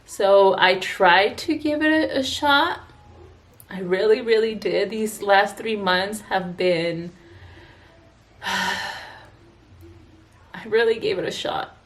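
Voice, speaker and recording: A woman esthetician talking to her viewers in a personal vlog, tearful and earnest, halting with sighs and restarts. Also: medium pitch. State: tearful, crying. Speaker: esthetician vlogger. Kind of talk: emotional personal vlog talk.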